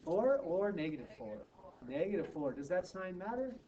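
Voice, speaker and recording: A man teaching math to students, brisk and teasing, often checking in with quick questions. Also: high voice, sing-song, mellow. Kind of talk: classroom tutoring. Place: classroom. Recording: distant, muffled, noisy classroom recording.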